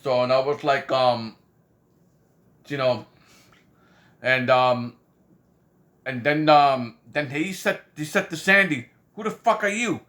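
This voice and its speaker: A man's voice: mid-range voice, takes it slowly, pauses often, a bit bright. A man telling a rambling anecdote in casual speech, repeating "you know what I mean" and acting out other people's lines. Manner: acts out quoted voices. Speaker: storyteller.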